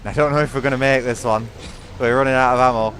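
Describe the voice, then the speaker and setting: A man with a British accent giving excitable live gameplay commentary, swearing often and talking straight to his viewers. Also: medium pitch, quick pace, slight background noise. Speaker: gaming streamer.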